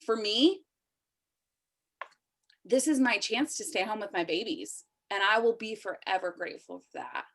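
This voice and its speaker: A woman's voice: mid-range voice, moderate pace, long pauses, fairly bright tone, slight background noise. Emotional woman giving an urgent pep talk. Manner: emotional, urgent, pleading with listeners. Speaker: team leader hosting a sales team call. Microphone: video call.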